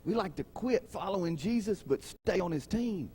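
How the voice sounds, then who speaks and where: With a high, animated, slightly mellow and husky voice, a male pastor preaches at a moderate pace. He keeps the sermon conversational, putting questions to the congregation and playing the characters in his stories.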